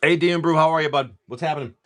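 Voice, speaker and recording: A man hosting a casual livestream who greets viewers by name, chats, and swears freely while opening card packs. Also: on the high side. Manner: animated, quick bursts of talk. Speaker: card-breaking livestream host.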